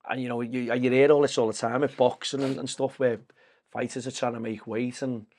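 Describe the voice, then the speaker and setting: A man's voice: mid-range voice, little pitch movement, brisk, a little mellow, a little hiss or hum. A man hosting a casual podcast interview, cutting in with short, blunt remarks. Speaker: podcast host.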